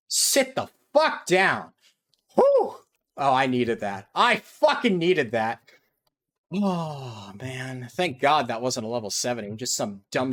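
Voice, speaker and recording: A man's voice: medium pitch, fairly bright tone. A man giving ranting, profanity-heavy commentary over his speedrun gameplay. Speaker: speedrunner and video creator.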